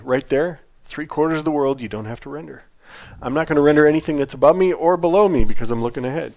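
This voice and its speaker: A man's voice: on the high side, fast, a little mellow. A man co-hosting a game developer livestream, talking in a casual, opinionated and jokey way.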